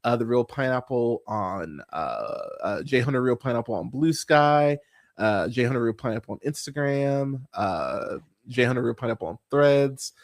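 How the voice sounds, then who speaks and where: A man's voice: mid-range voice, expressive, moderate pace. A man hosting a movie podcast, ranting casually about a bad film, swearing often and stumbling through fillers and restarts. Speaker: podcast host. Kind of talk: casual movie review rant.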